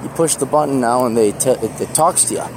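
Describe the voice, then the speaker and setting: Walking outdoors to the bus, a male podcast host rambles casually in a self-deprecating monologue, laughing often. He talks fast in a medium-pitched voice, with background noise around him.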